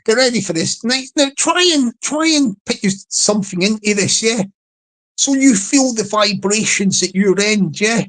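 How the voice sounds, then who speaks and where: A man's voice: high voice, expressive, fairly bright tone, low-quality recording. A man on a casual live stream, playfully repeating a catchphrase and coaxing his chat to join in. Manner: repetitive, playful, drawn-out delivery.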